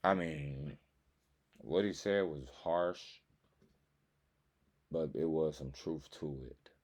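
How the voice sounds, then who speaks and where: Very deep-voiced man in his thirties. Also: slow pace, darkish tone. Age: 30s. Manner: blunt, profane, opinionated. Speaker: commentator reacting to clips. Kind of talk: casual reaction commentary.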